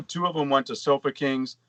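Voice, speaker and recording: A man's voice: fairly high pitch, fairly even intonation, normal speed, pushed and bright, no echo, low-quality recording. Dry-sounding man telling rambling stories. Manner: rambling anecdotal storyteller. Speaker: podcast co-host. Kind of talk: casual chat.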